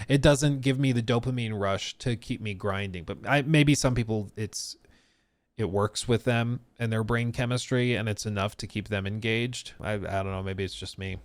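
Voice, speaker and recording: A man's voice: mid-range voice, no room sound. A man streaming a casual reaction commentary, talking in long rambling stretches full of restarts and fillers.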